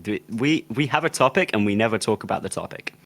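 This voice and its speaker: A man's voice: fairly low pitch, lively intonation, fast, fairly bright tone, no echo. Rambling, sarcastic young British man. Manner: rambling, laughs often, sarcastic. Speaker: podcast co-host. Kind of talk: casual chat.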